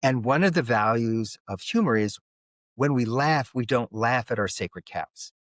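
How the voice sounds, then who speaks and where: A man with a Philadelphia and South Jersey accent and a slightly high, nasal voice, telling stories as a guest in an interview. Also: unhurried, dry recording. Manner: animated storyteller who acts out the other people in his stories. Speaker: guest, conflict mediator. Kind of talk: storytelling interview talk.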